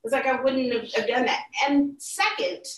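A woman telling a personal story in casual conversation, animated and acting out the dialogue as she goes. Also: high-pitched, normal speed. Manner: animated, acts out quoted dialogue. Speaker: podcast guest. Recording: roomy, distant mic.

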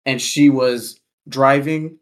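A man from Kansas telling a story in casual chat, animated and profane, with lots of "like" fillers. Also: mid-range voice, slow.

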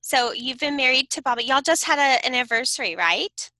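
A woman's voice: sits high, lively intonation, fairly quick, sharp tone, rough recording. A woman hosting a faith-based podcast, gushing and enthusiastic as she chats with a friend. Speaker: podcast host. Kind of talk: casual chat interview.

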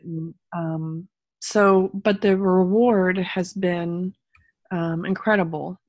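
A woman's voice: lowish voice, fairly even intonation, slow pace, darkish tone, dry recording, studio quality. A woman from Texas telling a personal story in a casual interview, rambling with many ums and restarts and sincere talk of faith. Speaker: guest telling her story.

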